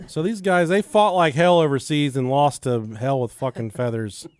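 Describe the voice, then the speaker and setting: A man co-hosting a podcast, telling crude stories loudly with lots of swearing and laughter. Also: a little high, normal speed, smooth, no room sound. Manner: loud storytelling, swears and laughs often. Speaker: podcast co-host. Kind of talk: crude casual banter.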